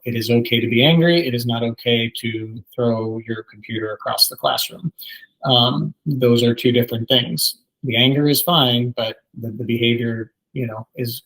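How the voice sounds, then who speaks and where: Male therapist in his 30s, relaxed presenter, frequent fillers, mid pitch. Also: low-quality recording. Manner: many ums, conversational teaching. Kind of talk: training presentation.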